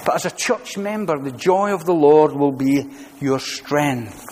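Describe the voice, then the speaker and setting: A man's voice: fairly high pitch, expressive, a little slow, a little mellow. A man pastor preaching an earnest, conversational sermon full of rhetorical questions, recorded in a church sanctuary. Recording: church hall reverb, faint room noise.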